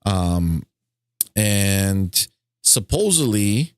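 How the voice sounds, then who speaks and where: A man co-hosting a casual gaming news podcast, reading news items with fillers and getting excited. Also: on the low side, drawn-out words, clean tone, no room sound, studio quality. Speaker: podcast co-host.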